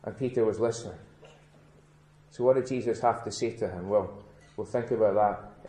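A man as a pastor giving a children's address in church, speaking gently and slowly repeating key words for emphasis. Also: on the low side. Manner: gentle, questioning children, slow emphatic repetition. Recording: echoey church room.

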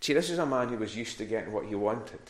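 A man's voice: fairly low pitch, animated, fast. A man preaching a sermon to a congregation in a church hall. He speaks conversationally and often repeats words while he searches for the next one.

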